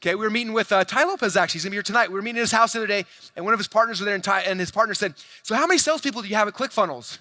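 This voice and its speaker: Fast-talking, bright-voiced male stage speaker. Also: sits high, no echo. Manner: fast, hyped, addresses crowd directly, acts out quoted dialogue. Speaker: keynote speaker at a convention. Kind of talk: energetic stage presentation. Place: large convention hall stage.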